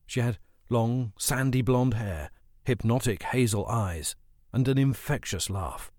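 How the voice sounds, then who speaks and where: A man narrating a children's adventure story as an audiobook, with expressive storytelling. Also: mid-range voice, a little slow, no room sound, studio quality.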